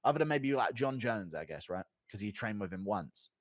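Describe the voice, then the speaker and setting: A man hosting a livestream, talking casually with viewers in a rambling, profane, increasingly excited way. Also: lowish voice, brisk, dry recording, studio quality. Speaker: livestream host reading donations.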